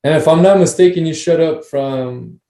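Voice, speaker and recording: A man's voice: on the high side, normal speed, mellow, echoey room. A man hosting a casual podcast chat, rambling loosely and swearing offhand. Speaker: podcast host.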